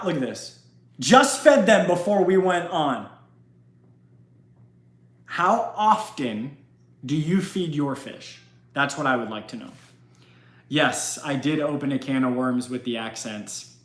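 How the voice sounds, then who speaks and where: A man's voice: on the high side, a bit bright, roomy sound. A man hosting an aquarium channel in casual livestream chat, emphatic and chatty with frequent restarts.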